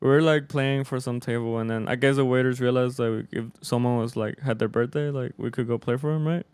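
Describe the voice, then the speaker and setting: A man's voice: mid-range voice, fairly even intonation, brisk, a little mellow, clear, resonant tone. A man co-hosting a podcast in casual chat, joking around and laughing often. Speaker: podcast co-host.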